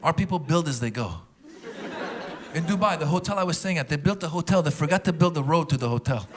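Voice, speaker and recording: A middle-aged man performing a stand-up comedy set before a live audience, telling animated stories and slipping into character voices. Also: on the high side, fast talker. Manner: animated storytelling, switching into accented character voices. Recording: loud crowd and noise from a live show.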